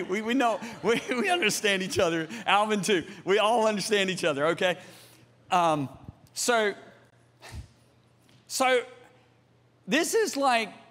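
A man in his sixties preaches with a high, ringing voice that carries long reverb through a big church auditorium. He tells his story to the crowd, calls out to them directly, and swings from loud appeals down to near-hushed passages. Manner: calls out to the congregation. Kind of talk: sermon. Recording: long reverb of a large hall.

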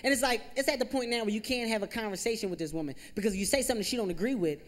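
A young man doing stand-up comedy on a theater stage, animated and self-deprecating, peppering his talk with "you know.". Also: high voice, racing, in a large hall. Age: 20s. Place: theater stage with live audience.

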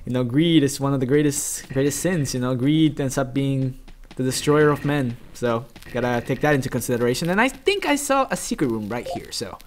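A man giving chatty, excitable gameplay commentary, talking to his viewers. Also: mid-range voice, moderate pace, slight background noise. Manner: excitable, chatty, yelps and laughs at the game; talks directly to viewers. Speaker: let's play gamer.

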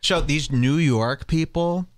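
A man's voice: on the high side, slow pace. A man hosting a podcast, ranting sarcastically and hurling insults while commenting on clips. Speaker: podcast host.

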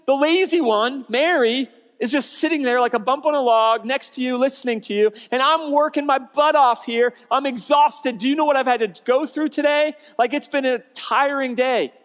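Male pastor doing a frazzled, exasperated hostess, high and loud, ringing hall. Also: lively intonation, brisk. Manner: shrill complaining rant. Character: overwhelmed exasperated woman host, adult. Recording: long church hall reverb.

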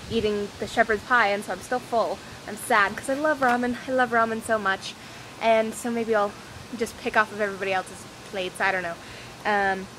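Rambling young woman vlogging outdoors. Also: fairly high pitch. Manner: rambling, scattered, self-deprecating. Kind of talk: casual daily vlog. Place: outdoors on a windy, rainy walk. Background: wind and outdoor ambience.

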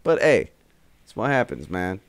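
A young man co-hosting a casual podcast, telling stories in an animated way and swearing freely. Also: lowish voice, moderate pace, vocal fry, smooth, dry recording. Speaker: podcast co-host.

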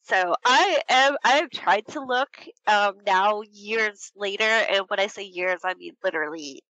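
A woman's voice: medium pitch, measured pace, pushed and bright, dry recording, muffled recording. A woman in her thirties telling a frightening true story in a casual, rambling way, full of fillers and swearing. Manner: tense, keyed-up retelling.

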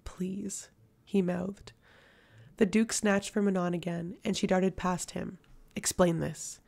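Gravelly, flat-voiced woman reading fiction. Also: lowish voice. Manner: steady, measured reading with flat intonation. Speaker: audiobook reader. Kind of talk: audiobook fiction narration.

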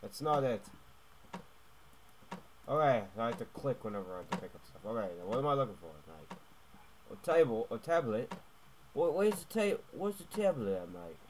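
A young man playing a stealth game and commenting as he goes, jumping between hushed muttering and loud yelps and tacking "mate" onto his lines. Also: medium pitch, normal speed, pauses often, slight background noise. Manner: excitable, swings from hushed muttering to yelling, keeps adding "mate". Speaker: gaming YouTuber. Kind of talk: let's play commentary.

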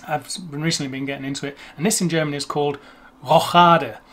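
A man hosting a casual language lesson, explaining at a relaxed pace and thinking aloud as he goes. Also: a little high, very fast, a little hiss or hum. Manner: chatty, thinks aloud, restarts phrases. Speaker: language video host.

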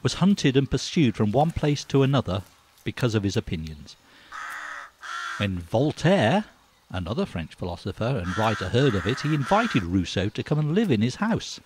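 A man's voice: medium pitch, big pitch swings, normal speed. Older guy grumbling away wryly, voice swoops up and down, lotta noise in the recording. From Britain. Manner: wry, grumbling commentary. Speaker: vlogger. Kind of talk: opinion monologue.

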